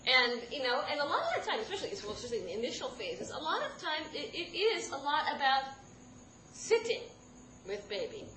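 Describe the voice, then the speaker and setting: A woman telling a personal story live, animated and often laughing mid-sentence as she restarts her words. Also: sits high, fast, hardly any pauses, crowd noise. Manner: animated, self-interrupting, laughing through lines. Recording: echoey room with background noise.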